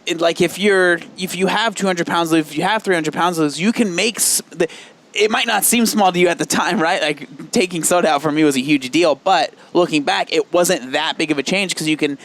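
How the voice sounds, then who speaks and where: Curious podcast host, higher-voiced man. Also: a bit bright. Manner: curious, measured, encouraging. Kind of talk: interview conversation.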